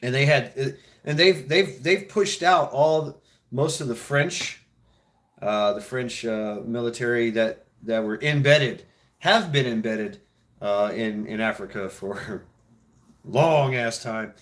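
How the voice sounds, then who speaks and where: A man's voice: medium pitch, slow, a bit bright. A man hosting a casual talk show, rambling with many restarts, swearing freely, laughing often. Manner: mimics others in mock voices. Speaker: show host. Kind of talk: casual chat.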